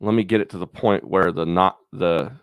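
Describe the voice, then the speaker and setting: A man's voice: deep voice, normal speed, clean tone, no room sound, clean studio sound. A man hosting his own channel, thinking aloud in a rambling, profane, casual chat. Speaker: YouTube channel host.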